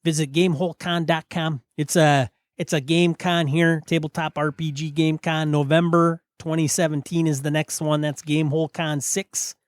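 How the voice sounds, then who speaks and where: A man with a somewhat high voice co-hosts a casual podcast chat. He talks in a breezy, teasing way and hypes things up. The recording is close and dry. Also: level tone, normal speed, hardly any pauses, no room sound. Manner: breezy and teasing, plugs sponsors in a hype tone. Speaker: podcast co-host.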